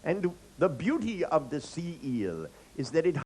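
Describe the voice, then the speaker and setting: A man's voice: fairly high pitch, big pitch swings, measured pace, darkish tone, a little hiss or hum, low-quality recording. A man doing an impression of a pompous, oblivious older ocean explorer narrating a documentary. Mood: earnest.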